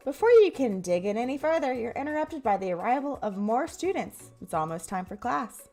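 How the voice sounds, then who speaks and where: Playful, animated Southern woman narrator. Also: a little high, a little fast, hardly any pauses, faint music behind. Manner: playful, self-mocking. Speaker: streamer. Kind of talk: narrating a visual novel game aloud.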